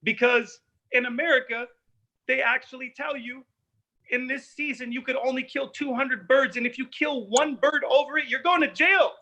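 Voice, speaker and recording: A young man talks fast and emphatically in loose, profane podcast chat. His voice sits high and bright, a little tense at the top. The recording sounds slightly dull and lo-fi. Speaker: podcast guest, battle rapper.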